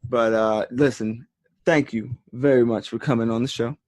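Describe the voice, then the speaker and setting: Halting male podcast host, dry sound. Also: mid-range voice, fairly even intonation, a little mellow, no echo. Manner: halting, repeats words while searching. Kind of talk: casual podcast interview.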